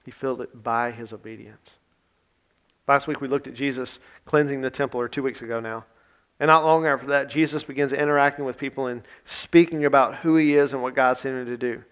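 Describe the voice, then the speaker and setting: A man's voice: mid-range voice, steady tone, brisk, fairly bright tone, clean tone. A male pastor giving a conversational sermon, reading scripture with emphasis and talking plainly with his congregation.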